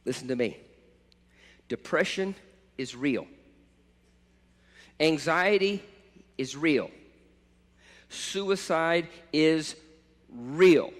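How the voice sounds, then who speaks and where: A man preaching a sermon as pastor, impassioned, swelling to loud cries at times. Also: on the high side, animated, takes it slowly, pauses often. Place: church sanctuary. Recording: church hall reverb.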